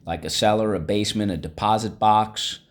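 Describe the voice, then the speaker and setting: A man's voice: lowish voice, normal speed. A man teaching a vocabulary lesson, upbeat and coaxing, repeating each word for students to echo.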